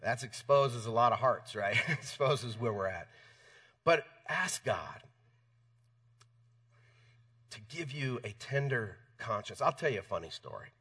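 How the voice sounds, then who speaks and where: A man's voice: medium pitch, expressive, unhurried, pauses often, pushed and bright, recorded from a distance. A man preaching a sermon in a church, conversational, stumbling over repeated words. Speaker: pastor. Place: church sanctuary.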